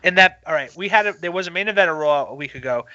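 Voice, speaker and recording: A man co-hosting a casual wrestling chat, excitable and gushing, his voice jumping into loud squeals when he gets worked up. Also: a little high, fast talker, dry recording, dull audio. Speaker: podcast co-host.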